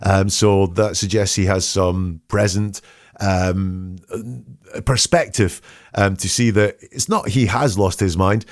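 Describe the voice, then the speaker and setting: Low-voiced man analysing statements. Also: fairly even intonation, no room sound, studio quality. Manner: measured, questioning, reads quotes aloud. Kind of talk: analytical commentary.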